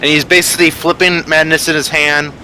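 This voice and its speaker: A man's voice: a little high, level tone, brisk, sharp tone, slight background noise, poor audio. A man, a player in a tabletop game, chatting casually over voice chat and rambling, constantly restarting and correcting himself.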